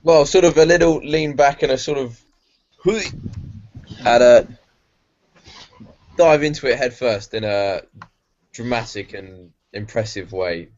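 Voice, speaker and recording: A man's voice: mid-range voice, measured pace, pauses often, darkish tone. A man playing in an online tabletop game, describing his character's actions with wry, self-mocking humour. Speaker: player. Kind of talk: casual tabletop play. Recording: dull lo-fi online call audio.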